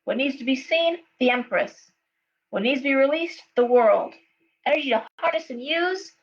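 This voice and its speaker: A middle-aged tarot reader doing a live session talks at a moderate pace in a high voice with lively intonation. Her chatty, story-driven delivery is full of okays and ums. A faint hum runs through the dull, lo-fi recording.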